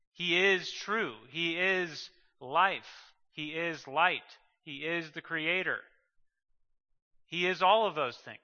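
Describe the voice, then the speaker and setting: A man with a fairly high, sharp voice preaches a sermon emphatically, repeating phrases and building to fervent bursts. The sound is muffled, with long hall reverb.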